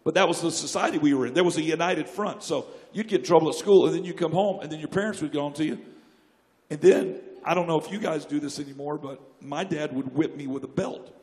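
A man preaching a sermon, telling jokes and stories and breaking into sudden loud outbursts. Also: fairly high pitch, quick pace. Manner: joking, animated storytelling with sudden loud outbursts. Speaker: pastor. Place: church sanctuary. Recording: long church hall reverb.

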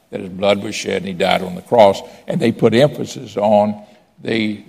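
A man's voice: on the low side, gravelly, darkish tone, big-room sound. A man preaching a sermon from the pulpit in a conversational way, asking the congregation questions and telling stories. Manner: conversational preaching, asks congregation for raised hands. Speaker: pastor.

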